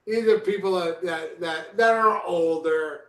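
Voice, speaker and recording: A man's voice: high voice, a little slow. A man of sixty co-hosting a casual podcast, blunt and emphatic. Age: 60s. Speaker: podcast co-host. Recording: echoey room.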